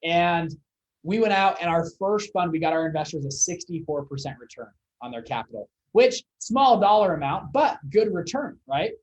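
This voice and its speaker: A young man, a fund founder, telling his story as a podcast guest in a casual, animated way with laughs and fillers. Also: fairly high pitch, moderate pace, lo-fi sound.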